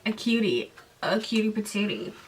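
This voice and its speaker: This podcast host, a woman around her late twenties to thirties, runs through a book's plot in a relaxed style, punctuated by mocking, lively, sarcastic comments. She speaks at a moderate pace with a medium pitch, picked up by a distant mic.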